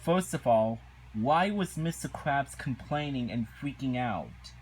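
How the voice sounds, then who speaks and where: Slow, halting man ranting. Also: mid-range voice, lively intonation, a little hiss or hum, poor audio. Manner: halting, repetitive, indignant. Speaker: reviewer. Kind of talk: casual episode review rant.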